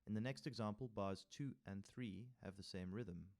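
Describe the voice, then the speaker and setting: Male music theory tutor, low voice, mixes reading aloud with casual remarks and counts rhythms out. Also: normal speed, darkish tone. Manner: reads text aloud, then adds casual asides and taps rhythms with sung syllables. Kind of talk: tutorial walkthrough reading from a workbook.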